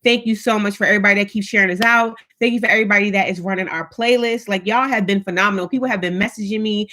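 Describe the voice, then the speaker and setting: A woman's voice: medium pitch, fairly even intonation, rapid-fire, bright, forceful tone. A woman hosting a casual live stream, chatting upbeat and greeting viewers one by one by name.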